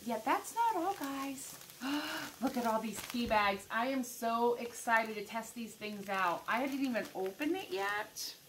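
Excitable bright-voiced woman vlogger. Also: fairly high pitch, a little slow, few pauses, a little hiss or hum, poor audio. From United States. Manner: gushing, excitable, addresses viewers as guys. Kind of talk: casual unboxing chat.

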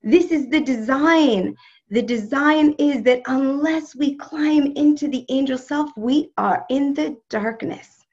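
A woman leads an inspirational religious class over a video call, and she talks straight to her listeners. Her voice sits a little high and has a gravelly fry. The audio is dull and lo-fi. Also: takes it slowly. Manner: expressive, talks straight to the audience and reads out their chat comments. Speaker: teacher of a live online class.

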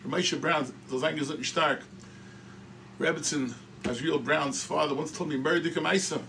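A man preaching in a high, bright voice with a lively, storytelling delivery that swings into shouts for the quoted lines. He sounds middle-aged and peppers his speech with Yiddish and Hebrew phrases. There is a faint hum of background noise. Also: normal speed, creaky, low-quality recording. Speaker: rabbi speaker at a tribute dinner. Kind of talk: sermon-style eulogy with storytelling.

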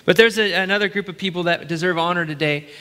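Bright-voiced pastor in a reverberant church. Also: male voice, high-pitched, fast talker, clean tone. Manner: chatty and playful, with short laughs. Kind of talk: sermon. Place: large church sanctuary. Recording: long church hall reverb.

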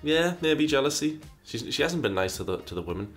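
This mid-range, somewhat bright male voice swings widely in pitch and runs a little fast over soft background music. He's hosting a casual Q&A, reading viewers' questions, musing on answers, and repeating himself repeatedly.

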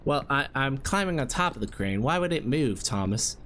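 A man doing let's-play commentary, anxiously coaching and scolding himself out loud, his voice jumping high under stress. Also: animated, moderate pace, slight background noise. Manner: anxious self-talk, scolding and coaching himself through jumps. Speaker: gameplay commentator.

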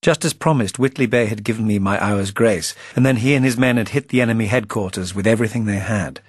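Husky, wry man reading a thriller aloud. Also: fairly low pitch, fast, dry recording, studio quality. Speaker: author reading his novel. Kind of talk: audiobook narration.

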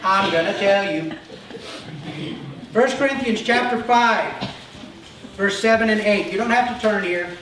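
Preaching an Easter sermon, a pastor with a high-pitched voice speaks a little slowly and pauses often. He animatedly acts out people from the Bible and keeps checking in with "Okay?" Recorded in a very echoey church sanctuary from a distance, the clip has faint noise.

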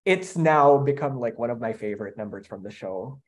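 Man, musical writer, earnest and halting delivery, casual panel chat. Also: mid-range voice, expressive. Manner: earnest, halting, with many fillers and restarts.

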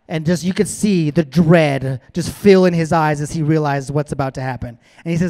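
High-voiced pastor telling a story. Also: male voice, moderate pace, few pauses. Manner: casual, animated storytelling. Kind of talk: sermon.

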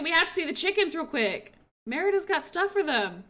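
A woman chatting her way through a game on stream, her voice leaping around with plenty of swoop and a bright, forward edge. She talks casually and excitably, bursting into gushing squeals at the animals. She sounds a little sniffly. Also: extremely high pitch, brisk, soft background music. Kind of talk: casual gameplay commentary.

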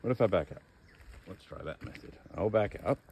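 A man's voice: sits low, animated, brisk, vocal fry, muffled recording, slight background noise. An Australian man chatting casually outdoors as he releases a snake, teasing it in a laid-back way. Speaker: snake catcher. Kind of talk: casual outdoor vlog narration. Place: outdoors among bushes.

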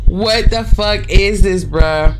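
A woman gamer giving loud, reactive commentary on horror games, swearing and calling out to viewers as y'all. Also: mid-range voice, takes it slowly, noisy background. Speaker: gaming channel host. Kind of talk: horror game let's play commentary.

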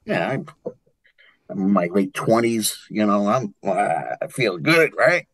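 This older man speaks slowly in a lowish voice, his New York accent coloring the martial arts tales he tells as a guest in a storytelling interview. Animated, he acts out quotes, captured in a dry recording.

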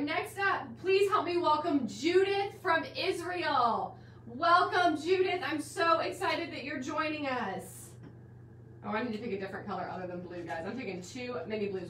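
Bubbly woman host, high and roomy. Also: sharp tone. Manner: bubbly, gushing, calls viewers guys and my dear. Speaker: host of a live quilting class stream. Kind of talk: enthusiastic live-stream welcome. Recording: roomy, slightly distant with faint background hiss.

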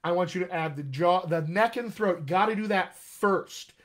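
A man's voice: sits high, moderate pace, fairly bright tone. A man coaching actors on accents in a live online session, enthusiastic and encouraging, talking straight to his viewers. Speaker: dialect coach. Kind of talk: live-streamed coaching talk. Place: home room, live video stream.

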